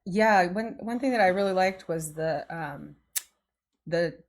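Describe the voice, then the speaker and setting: A woman guest musician in a casual music reaction chat, agreeable and quick to affirm. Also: fairly low pitch. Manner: agreeable, frequent short affirmations.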